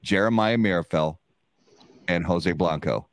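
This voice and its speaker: A male host asks short, relaxed follow-up questions and laughs easily. His voice is very low. The room sounds dry, with no echo. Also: measured pace. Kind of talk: casual interview.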